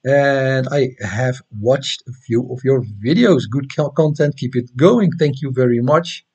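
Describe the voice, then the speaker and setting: Speaking a little slowly in a medium-pitched, husky, somewhat dark voice, this Dutch-accented man from the Netherlands runs an astronomy livestream. He reads viewer comments and chats informally, often hesitating with ums and starting over.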